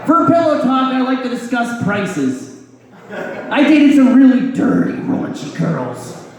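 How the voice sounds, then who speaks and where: A man performing a live stand-up set of crude one-liners, delivered deadpan with a dry "you're welcome" tag. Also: extremely high pitch, unhurried. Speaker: stand-up comedian. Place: comedy club stage before a laughing audience. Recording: echoey room, distant mic, crowd laughter.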